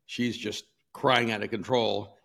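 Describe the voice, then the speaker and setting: Older pastor from El Salvador, low voice, rambling anecdotal style with laughs. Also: male voice, steady tone, a little slow, creaky. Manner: warm storyteller, laughs often, many ums and restarts. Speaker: pastor and author. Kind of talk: storytelling in a sit-down interview.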